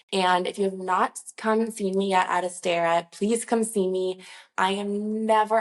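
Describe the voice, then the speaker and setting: A woman working as a nurse injector, talking casually to camera in a chatty, reassuring, rambling way. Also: on the low side. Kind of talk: casual talk-to-camera vlog.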